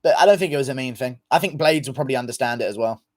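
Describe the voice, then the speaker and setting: A man's voice: mid-range voice, rapid-fire, no room sound. A man hosting a casual livestream, reading viewer comments in a loose, offhand manner and swearing freely. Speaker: livestream host.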